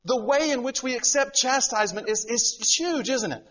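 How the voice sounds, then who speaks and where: Male pastor, middle-aged, high for a man, husky edge, rhetorical questions, dull lo-fi sound. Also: animated, moderate pace, a bit bright. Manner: asks rhetorical questions, acts out quoted voices. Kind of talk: sermon.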